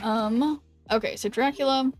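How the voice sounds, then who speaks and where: A woman streaming a card game, thinking aloud in halting restarts and chatting with her viewers. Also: fairly high pitch, soft background music. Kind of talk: casual live-stream commentary.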